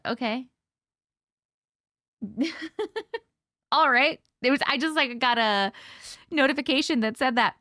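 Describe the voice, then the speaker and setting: A bubbly woman with a high, bright voice chats casually with viewers on her live stream. She greets people one after another in a sing-song way and giggles often, and the sound is close and dry. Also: slow pace, pauses often, no room sound. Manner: chatty and giggly.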